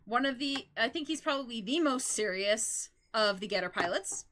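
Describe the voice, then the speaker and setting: On a live stream, a woman chats casually about her favorite characters, excitable and giggly, rambling and often squealing. Her pitch is fairly high and her pace moderate, with slight background noise.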